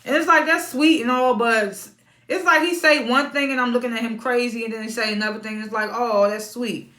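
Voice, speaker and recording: A woman giving a casual, outspoken recap of a reality TV episode, animated and prone to sudden high-pitched exclamations. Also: quick pace, echoey room. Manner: informal and outspoken.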